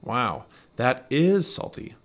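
A man voicing an excitable, adventurous male squirrel in a read-aloud storybook, eager and bouncy. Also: mid-range voice, takes it slowly, vocal fry, heavily acted. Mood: excited.

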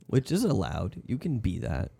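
A man co-hosting a podcast, chatting casually with dry, deadpan jokes. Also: fairly low pitch, normal speed, vocal fry, husky. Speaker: podcast co-host. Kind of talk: casual chat.

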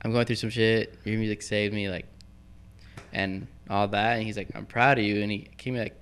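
A man chatting casually as a podcast guest, telling animated stories and acting out quotes. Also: on the low side, normal speed, smooth. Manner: animated storyteller, acts out quotes. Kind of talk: casual chat.

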